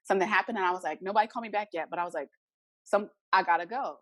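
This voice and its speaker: A woman's voice: medium pitch, rapid-fire, fairly bright tone, no echo. A young adult woman, a podcast guest, earnestly telling a personal story and acting out the remembered dialogue.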